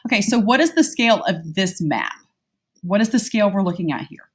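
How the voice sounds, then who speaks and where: A woman's voice: medium pitch, animated, brisk. A young woman, teaching an online exam review lesson from her home in a chatty way, talking straight to her students.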